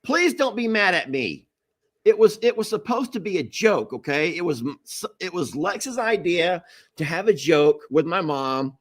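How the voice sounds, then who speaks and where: Man host, lively pitch, slightly high voice, animated storyteller who apologizes a lot. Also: normal speed. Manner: animated, apologetic, acts out quotes with laughs. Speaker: host telling a family story to live viewers. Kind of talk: casual storytelling livestream.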